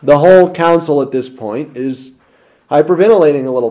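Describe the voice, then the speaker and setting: Emphatic male preacher, slightly high voice. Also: fairly quick. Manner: rhetorical questions, emphatic swings in loudness. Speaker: pastor. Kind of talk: sermon.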